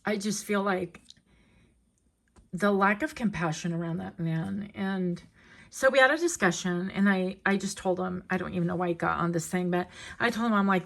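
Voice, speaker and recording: Chatty, lower-voiced woman tarot reader. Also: moderate pace, vocal fry, fairly bright tone. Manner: chatty, rambling and emotional, laughs often. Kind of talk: casual pick-a-card tarot reading.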